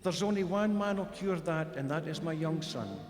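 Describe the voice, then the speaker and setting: A man's voice: on the high side, moderate pace, echoey room, in a large hall, a little hiss or hum, close to an everyday voice. A man doing an earnest maimed young woman. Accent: Scottish.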